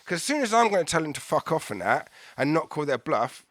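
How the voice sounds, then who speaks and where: A man spins a story in a lively, up-and-down voice, bright and forward. He swears freely and laughs often. The sound is dry and close. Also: a little high, quick pace, no echo. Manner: swears a lot, laughs often, acts out both sides of chats. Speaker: podcast guest. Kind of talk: casual storytelling chat.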